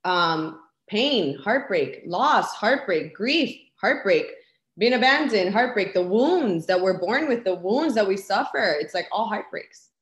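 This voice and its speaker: A woman's voice: medium pitch, lively intonation, measured pace, dull audio. Woman swearing intensely, roomy echo. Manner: raw, intense, swears often, spiritual. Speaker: podcast guest. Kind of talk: candid conversational sharing.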